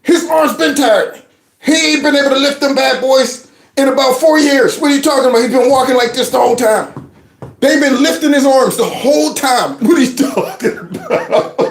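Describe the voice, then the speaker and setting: A man's voice: extremely high pitch, normal speed, creaky. A man hosting a reaction commentary, mocking and laughing through what he watches, in an echoey room. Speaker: commentary host.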